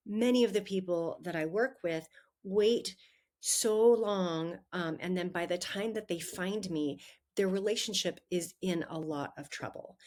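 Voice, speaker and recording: A woman's voice: on the low side, darkish tone. A middle-aged woman hosting a solo advice podcast as a relationship coach, talking conversationally with frequent "um" and "right?" tags.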